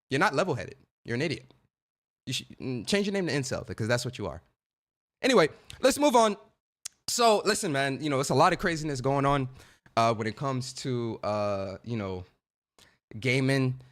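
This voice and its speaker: A man's voice: mid-range voice, fairly bright tone. A young man hosting a casual gaming livestream, chatting in laid-back slang, greeting viewers by name and laughing often.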